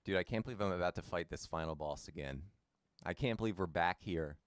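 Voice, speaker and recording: A man's voice: deep voice, fairly quick, smooth, no room sound, clean studio sound. A young man casually chatting with his viewers while streaming a video game, laid-back and talkative. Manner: chatty, laid-back, talks to chat by name. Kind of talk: casual live-stream chat.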